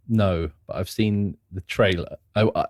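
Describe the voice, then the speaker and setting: A man's voice: low voice, slow pace, darkish tone, no room sound, clean studio sound. A man co-hosting a film podcast in casual chat, laughing along as he recalls favorite scenes. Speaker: podcast co-host.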